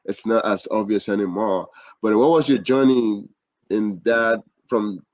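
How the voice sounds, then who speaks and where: Low-voiced man hosting a podcast. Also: a little mellow, dry recording. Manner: affirming, halting and repetitive questions. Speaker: podcast host. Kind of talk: interview questions.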